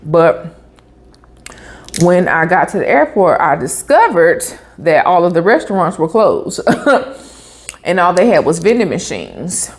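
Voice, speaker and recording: Lively, chatty woman. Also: on the low side, unhurried. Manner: chatty, animated storytelling with asides like "honey" and "baby". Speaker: vlogger. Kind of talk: casual storytelling while eating.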